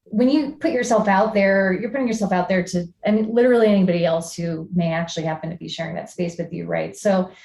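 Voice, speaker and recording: A woman artist guest on a podcast, talking through her ideas in a relaxed, reflective way. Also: fairly low pitch, fast, vocal fry, few pauses. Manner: reflective, talks through ideas with many fillers. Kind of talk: casual podcast conversation. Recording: echoey room.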